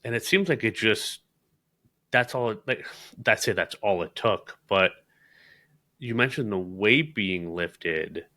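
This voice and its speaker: A man's voice: lowish voice, lively intonation, slow, bright, forceful tone. A man hosting a podcast interview, reflective and affirming with brief responses. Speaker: podcast host. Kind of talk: interview conversation.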